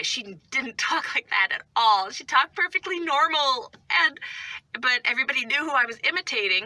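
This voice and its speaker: A woman's voice: on the low side, pushed and bright. A woman vlogger and mother chatting casually to camera, rambling and self-mocking with lots of asides.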